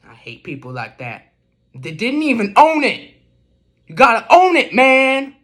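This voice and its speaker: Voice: mid-range voice, lively intonation, slow pace, bright, forceful tone, full character voice. A performer voicing an irritated young guy who vents and rants in an amateur comedy sketch. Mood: exasperated. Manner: exasperated, ranting.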